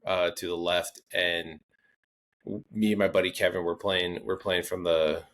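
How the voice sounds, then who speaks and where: A man's voice: low voice, flat delivery, measured pace, fairly bright tone. A man co-hosting a golf podcast, chatting casually and telling stories in a rambling way with many restarts. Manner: rambling, lots of restarts and fillers, storytelling. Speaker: podcast co-host. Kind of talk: casual chat.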